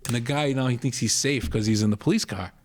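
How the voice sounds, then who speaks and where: A middle-aged comedian with a Rhode Island accent co-hosts a podcast, spinning a rambling family tale in casual chat. He talks fast at an ordinary middle pitch, animatedly doubling back and breaking into the voices of the people in his story.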